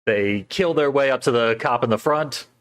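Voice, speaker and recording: A man in casual podcast chat, recounting a film plot step by step in an easygoing, amused way. His voice sits at an ordinary middle pitch, and he keeps the telling loose and unhurried. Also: a bit bright. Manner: laid-back play-by-play recapping with frequent laughs. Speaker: podcast co-host recapping a film.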